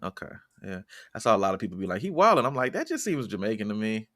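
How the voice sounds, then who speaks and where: With a lowish voice and a fast delivery, this music podcast co-host joins in jokey, casual banter. He's animated and bursts into loud impressions.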